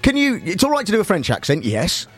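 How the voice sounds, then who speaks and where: A man's voice: high-pitched, wildly swooping pitch, quick pace, fairly bright tone, slightly rough. A man hosting a radio show, joking dryly and laughing as he runs a game. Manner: jokey, dry, laughing often. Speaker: radio host.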